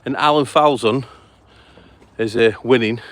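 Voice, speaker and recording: A man's voice: medium pitch, unhurried. A man hosting a live event outdoors by a lake, out of breath and chatty, apologizing as he talks. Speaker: host. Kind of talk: live on-the-move commentary.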